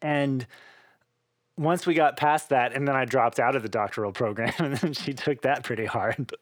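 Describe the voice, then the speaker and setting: A man, a cellist, telling his story in a casual interview with animated, laughing delivery. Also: mid-range voice, normal speed, dry recording.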